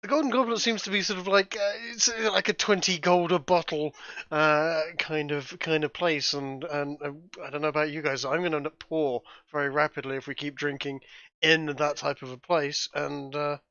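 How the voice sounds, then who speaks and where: Bright-voiced man, dull lo-fi mic. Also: a little high, steady tone, normal speed, dry recording. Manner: rambling with restarts, jokey. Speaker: player. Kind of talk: tabletop play, in and out of character.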